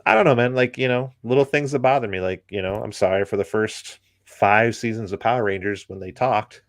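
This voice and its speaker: A man's voice: on the low side, a little fast, no room sound, clean studio sound. A man in casual chat, giving an opinionated critique full of ums and likes. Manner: rambling, many ums and likes.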